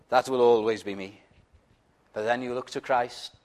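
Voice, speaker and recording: A man preaching a sermon, earnest and pleading, often dropping to a quiet, intimate tone. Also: mid-range voice, fairly even intonation, moderate pace.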